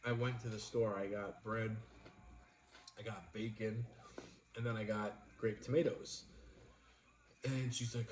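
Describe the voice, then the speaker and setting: A man's voice: lowish voice, steady tone, measured pace, pauses often, slight background noise. A young man chatting casually with viewers on a livestream, blunt and swearing freely as he tells a kitchen story. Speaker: livestream co-host.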